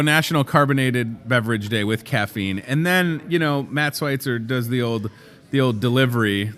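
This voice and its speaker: A man's voice: medium pitch, a bit bright. A man hosting a casual promo show from inside a grocery store, chatty and joking as he shows off products. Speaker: host.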